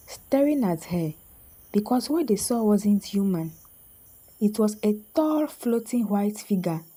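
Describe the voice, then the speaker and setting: Slow, husky woman telling a story. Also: medium pitch, dark tone, rough recording. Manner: slow, suspenseful delivery with dramatic pauses. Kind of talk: scripted story narration.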